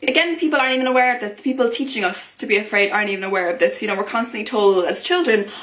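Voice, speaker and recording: A woman's voice: mid-range voice, racing, few pauses, fairly bright tone. A young woman vlogger venting to camera in a heated, impassioned way, often restarting her sentences. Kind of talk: personal vent to camera.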